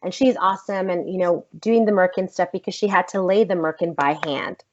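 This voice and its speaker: A woman actress telling a story in a casual podcast interview, animated and emphatic, swearing freely. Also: on the low side, brisk, slight background noise. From United States. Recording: slightly dull lo-fi podcast audio.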